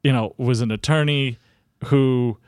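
A man in his thirties, a podcast guest telling his story in conversation, acting out quoted dialogue with big jumps in pitch. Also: fairly even intonation, unhurried, a little mellow, clear, resonant tone, no room sound, clean studio sound.

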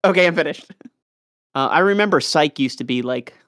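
A man's voice: fairly high pitch, expressive, normal speed, fairly bright tone, no room sound, clean studio sound. A man co-hosting a podcast, joking around in casual banter and swearing a lot. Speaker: podcast co-host.

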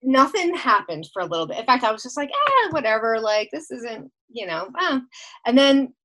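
Animated woman telling a wild story. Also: fairly high pitch, moderate pace. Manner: animated, acts out her own voice in the story. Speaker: guest storyteller. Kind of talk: casual storytelling.

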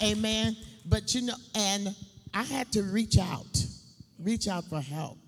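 A middle-aged woman giving a personal testimony in church, telling her story slowly and emphatically, laughing between lines. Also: mid-range voice, lively intonation, faint music behind. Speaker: church speaker. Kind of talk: sermon testimony. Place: church building. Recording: long hall reverb.

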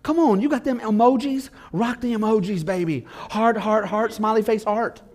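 A man's voice: sits high, moderate pace, darkish tone. A pastor preaching an emphatic sermon to his congregation about marriage. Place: church.

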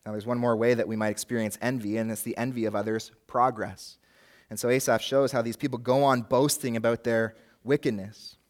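A man's voice: mid-range voice, steady tone, fairly quick. A man preaching a sermon as pastor, earnest and rising and falling in force, with a light joke now and then. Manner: jokes lightly with the congregation.

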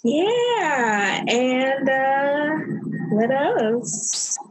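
Slow-talking woman, kinda high voice, giggly podcast chat, faint hiss. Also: sing-song, low-quality recording. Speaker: podcast co-host. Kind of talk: casual chat.

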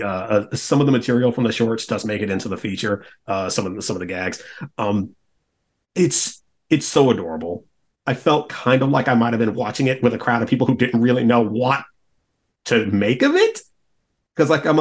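A man talking as a podcast guest in a casual roundtable chat, enthusiastic and laughing often as he talks. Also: mid-range voice.

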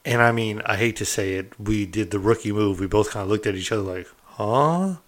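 A middle-aged man casually recounting a prison story, candid and animated, often tossing in "right?" and mild swearing. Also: lowish voice, fast.

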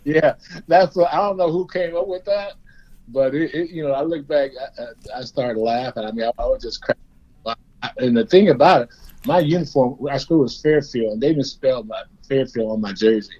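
A man's voice: medium pitch, fairly quick, dark tone, highs cut off. Self-deprecating man telling stories with laughs. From Indiana, USA. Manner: self-deprecating, laughing storyteller with frequent restarts. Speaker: guest, former player. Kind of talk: storytelling in a conversation.

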